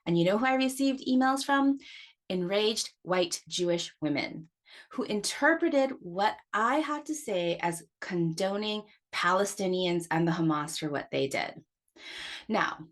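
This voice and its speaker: A middle-aged woman, an astrologer hosting her own podcast, talking frankly and with passion in a personal monologue, cursing, restarting phrases and jumping up sharply in pitch for emphasis. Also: very animated, a little slow.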